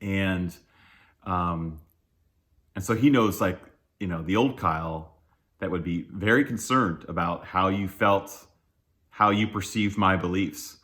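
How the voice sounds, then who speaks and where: A man's voice: sits low, slow pace, long pauses, fairly bright tone. A man giving a casual, conversational sermon, candid and self-deprecating, chuckling often and talking loosely with fillers and restarts. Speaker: church speaker.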